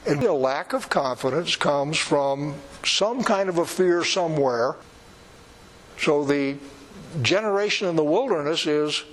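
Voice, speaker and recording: A man's voice: fairly high pitch, lively intonation, a little slow, low-quality recording. A man preaching a sermon in a conversational, emphatic way with wry asides.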